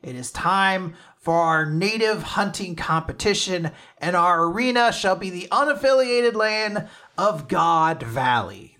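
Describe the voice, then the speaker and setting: A pompous, cruel noble proclaims a hunt, as a man reads him out in a podcast recap. He speaks in a bright, slightly high voice with grand, lofty phrasing.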